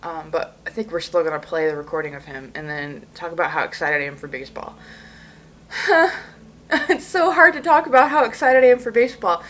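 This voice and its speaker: A woman's voice: on the low side, animated, brisk, fairly bright tone, poor audio. A woman hosting a casual solo podcast, sleepy and just out of bed, rambling with lots of "like" and frequent giggles. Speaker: podcast host.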